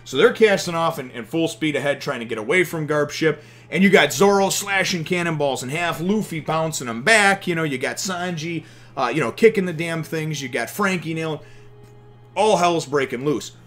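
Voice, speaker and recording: A man in his thirties talks through a comic chapter in an animated, heartfelt way, cursing casually as he goes. His voice sits a little high for a man. He speaks from a home office. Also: moderate pace. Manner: animated, emotional, swears casually. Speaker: comic review host. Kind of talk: casual spoken review.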